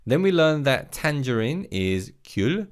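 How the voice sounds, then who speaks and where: A man teaching a recorded vocabulary lesson, leading slow repeat-after-me drills and praising the learner between words. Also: mid-range voice, big pitch swings. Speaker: language teacher.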